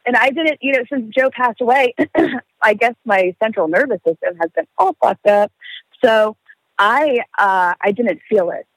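Animated young woman telling a story. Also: fairly high pitch, moderate pace, no echo, poor audio. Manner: animated storyteller, swearing, laughing, acting out quotes. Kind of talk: casual podcast chat.

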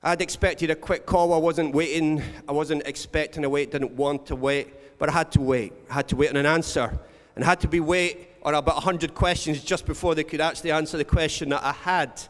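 Man preaching in an echoing hall. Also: fairly high pitch. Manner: earnest, storytelling, repeats words for emphasis. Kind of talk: sermon. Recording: long reverb of a large hall.

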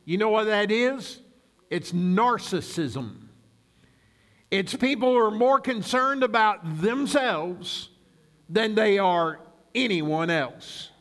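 A man preaching a sermon as pastor, praying and then reading Scripture with slow, deliberate emphasis. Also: sits high, animated, a bit bright. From United States.

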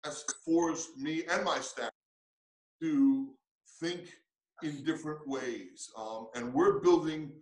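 A man's voice: on the high side, slow, reverberant, poor audio. A man who coaches, answering interview questions in an earnest, reflective way with frequent restarts.

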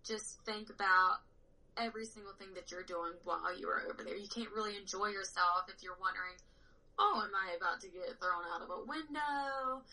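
A young woman tells stories in casual conversation. Her voice is strikingly bright and clear, and she talks animatedly, often breaking into laughter. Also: medium pitch, fairly quick, poor audio. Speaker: powerlifter guest. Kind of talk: casual chat.

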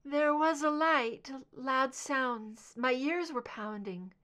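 Brief: woman reader doing a shaken, slurred, hypnotized female agent, raised and halting. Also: high-pitched, voice pushed up. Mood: fearful. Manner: slurred, hesitant, shaky.

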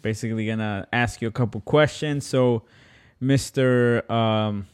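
A man's voice: medium pitch, steady tone, measured pace, smooth. Casting: male podcast host, casual, hesitant, lots of fillers. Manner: hesitant, many fillers and restarts. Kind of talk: casual chat.

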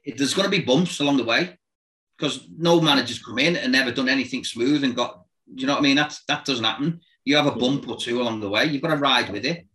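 Ex football boss telling stories, bright punchy voice, keeps doing the voices and sounds, cracks himself up. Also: male voice, medium pitch, fast talker, low-quality recording. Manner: animated anecdotes, acts out voices and sounds, laughs often. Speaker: former football manager. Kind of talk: casual storytelling chat.

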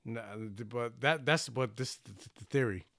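A man's voice: medium pitch, normal speed, gravelly, a bit bright, dry recording. A man co-hosting a casual podcast, speaking in a dry, teasing manner. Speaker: podcast co-host.

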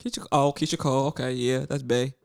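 A man from New York talking casually as a podcast co-host, quick and slangy with blunt opinions. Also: mid-range voice, steady tone, creaky, a little mellow. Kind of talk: casual chat.

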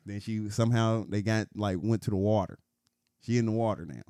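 A man's voice: lowish voice, a little fast, smooth, dry recording, studio quality. A man co-hosting a podcast, telling a story with lots of laughing and acted-out quotes. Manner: animated storyteller, acts out quotes with big laughs. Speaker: podcast co-host. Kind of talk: casual storytelling chat. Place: podcast studio.

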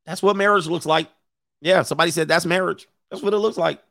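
A man's voice: high voice, steady tone, fast, creaky, fairly bright tone, dry recording, clean studio sound. A middle-aged man, a dating coach, doing slangy, joking live reaction commentary with laughing asides.

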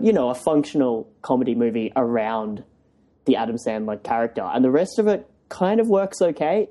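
A man co-hosting a casual podcast, measured and hesitant, thinking aloud with many fillers. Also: medium pitch, mellow. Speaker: podcast co-host. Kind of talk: casual chat.

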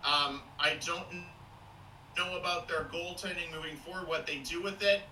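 A man's voice: on the high side, moderate pace, pushed and bright, echoey room, far from the mic, a little hiss or hum, low-quality recording. A man co-hosting a casual podcast chat, giving opinions and listing points in runs. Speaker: podcast co-host.

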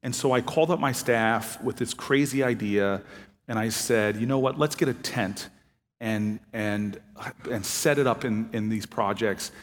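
A man telling a personal story to an audience, acting out the quoted dialogue with lively energy. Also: lowish voice, unhurried, big-room sound. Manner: animated anecdotal storytelling, acting out both sides of dialogue. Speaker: author and former city politician. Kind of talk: storytelling talk.

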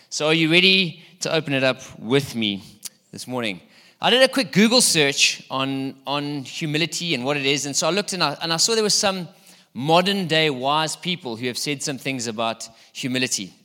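A man's voice: on the high side, pushed and bright. A middle-aged man preaching a sermon in a church hall, chatty and playful, quizzing his congregation. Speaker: pastor.

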